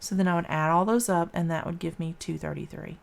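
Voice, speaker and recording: A woman's voice: on the low side, fairly even intonation, quick pace, vocal fry. A woman math teacher talking through a calculation step by step, counting aloud in a casual, informal way. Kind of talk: casual classroom math lesson.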